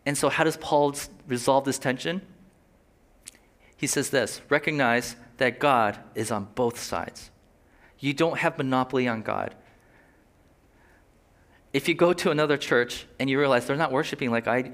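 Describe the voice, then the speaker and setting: A pastor delivers a sermon in a loose, talkative manner. His voice sits a little high for a man, and he breaks off into quick asides and short laughs. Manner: animated, conversational preaching with quick asides and laughs.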